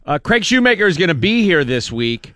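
A man hosting a radio morning show, chatting casually in a relaxed way with many fillers. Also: sits high, brisk, dry recording, clean studio sound. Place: radio studio.

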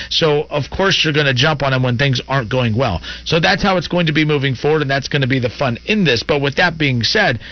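A man's voice: mid-range voice, no room sound. A man hosting a call-in sports talk radio show, opinionated and argumentative, rambling through his points. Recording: lo-fi radio broadcast.

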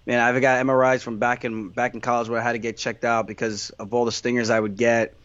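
Interviewed about his fighting career, a man answers casually in a candid, meandering way, full of restarts and fillers. His mid-range voice is level, quick, and fairly bright, captured close and dry, slightly dull, with no room sound.

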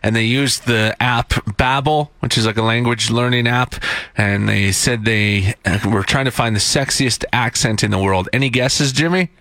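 A man's voice: mid-range voice, moderate pace, a bit bright, no room sound. A man hosting a morning radio show, chatty and teasing his co-hosts.

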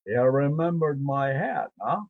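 Slow drawling cowboy star, as an older man puts him on. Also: medium pitch, animated, no room sound. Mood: gruff friendly. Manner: slow, drawn-out delivery. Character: impression of a famous old Western film star, slow and drawling. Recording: dull lo-fi line.

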